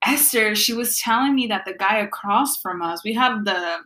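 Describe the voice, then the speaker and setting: A young adult woman telling a story in casual chat, slangy and relaxed, with laughing asides. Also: mid-range voice, moderate pace.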